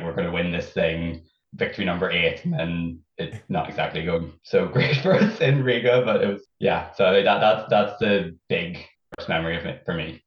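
A man's voice: low voice, reverberant, highs cut off. A man with an Irish accent, a podcast guest, chatting casually and laughing, often restarting his sentences. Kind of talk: casual chat.

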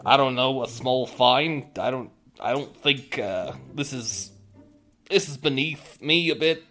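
A man's voice: mid-range voice, unhurried, bright, forceful tone. A man voicing a short, stout, dismissive male lawyer in an attempted New Jersey accent, over faint background music.

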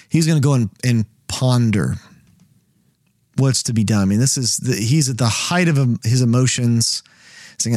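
A man hosts a Bible study podcast, retelling the story with casual animation and quick asides. His voice sits at an ordinary mid pitch. The recording is dry and close, with no room around it. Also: a little mellow, no echo.

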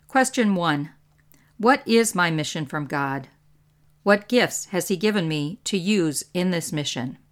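A woman with a slightly low voice gives an earnest faith podcast talk. She speaks in a gently instructive way into a podcast mic. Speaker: podcast host and author.

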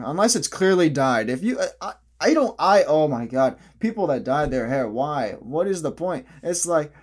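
A young man in a casual, opinionated vlog monologue who rambles, restarts often and laughs at his own jokes. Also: fairly high pitch. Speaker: vlogger.

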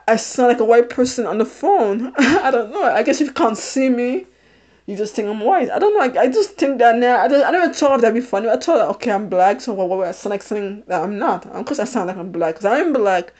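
A woman in her thirties with a fairly high voice, chatting on her podcast. She keeps laughing as she talks and often goes back over her own phrases to restart them. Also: expressive, fairly quick, darkish tone. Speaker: podcast host. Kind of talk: casual personal storytelling.

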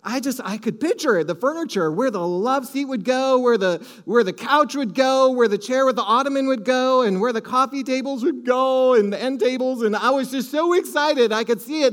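A man preaching a sermon, telling a story with lively swings between hushed asides and loud excited exclamations, calling out to the congregation. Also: very high voice. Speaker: pastor. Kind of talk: sermon with audience call-and-response.

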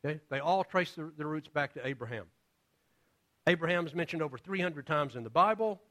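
A male pastor preaches in a relaxed, conversational storytelling style, often acting out the figures he describes. His voice sits a little higher than most men's, and his pitch swings widely and expressively. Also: brisk. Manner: casual, storytelling with acted-out voices. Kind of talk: sermon.

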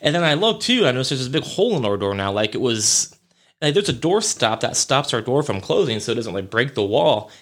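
A man's voice: medium pitch, lively intonation, fairly quick. A young man hosting a podcast, rambling through a casual story with lots of fillers, swearing and chuckles. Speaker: podcast host.

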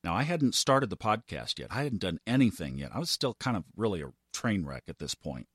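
A man in his fifties hosting a podcast, telling a personal story in an earnest way that builds to animated emphasis. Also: deep voice, brisk, slightly rough, dry recording, studio quality. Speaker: podcast host.

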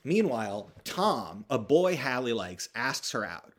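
A man's voice: medium pitch, very animated, measured pace, a bit bright. A man casually recapping a horror movie, rambling with wry asides and self-corrections.

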